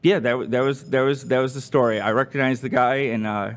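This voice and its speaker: A man in casual chat with podcast crew members. He tells his story with animated energy, restarts and laughter. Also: medium pitch, fast talker.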